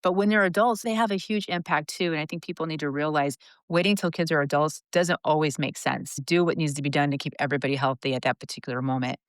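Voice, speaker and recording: Woman, 50s, podcast guest, confessional storytelling, deep, clean dry sound. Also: fast, few pauses, smooth, dry recording. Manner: earnest, confessional, animated retelling. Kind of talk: candid personal storytelling.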